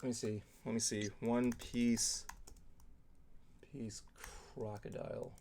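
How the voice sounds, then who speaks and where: A man co-hosting a talk show, chatting casually in an animated, rambling way and swearing often. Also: medium pitch, slow pace, a little hiss or hum. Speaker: podcast co-host. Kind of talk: casual chat.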